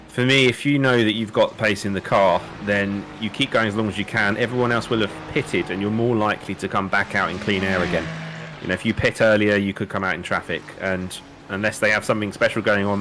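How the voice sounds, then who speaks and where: A man's voice: on the low side, fairly bright tone, slight background noise. A man co-commentating a live sim race, explaining strategy with dry, teasing humor.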